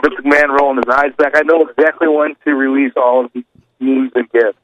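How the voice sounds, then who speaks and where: A man in a casual podcast chat, speaking as an eager wrestling fan with quick agreeing remarks. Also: mid-range voice, steady tone, lo-fi sound.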